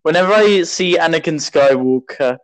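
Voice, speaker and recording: Halting young British man, dry. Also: fairly high pitch, expressive, dry recording, low-quality recording. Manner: halting, restarts, stubborn in argument. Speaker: podcast co-host. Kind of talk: casual banter.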